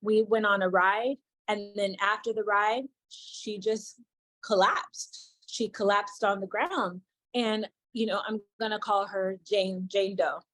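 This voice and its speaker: A woman recounts a personal story in a frank, thoughtful way, slipping into the voices of the people she quotes. Her voice sits at a middling pitch and sounds dry and close, with no room around it. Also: steady tone, slow pace, fairly bright tone, no room sound, low-quality recording. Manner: candid, reflective, acts out quoted dialogue. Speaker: youth mentor.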